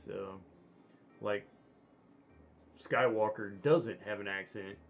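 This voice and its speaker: Low-voiced man rambling on a stream. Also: steady tone, gravelly, muffled recording, soft background music. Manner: rambling, halting with many fillers. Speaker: stream host. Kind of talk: casual chat.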